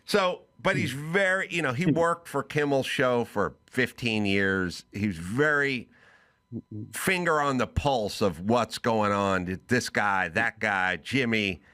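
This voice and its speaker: A man hosting a podcast, telling a comic story and acting out both sides of a phone conversation, his voice rising to excited shouts. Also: medium pitch, slow pace. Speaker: podcast host.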